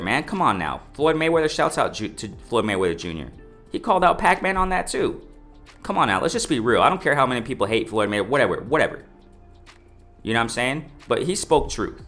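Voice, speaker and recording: A man giving opinionated, casual boxing commentary to his viewers, emphatic and repetitive, often calling them ladies and gentlemen. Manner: lively pitch swings, mimics others in raised voice.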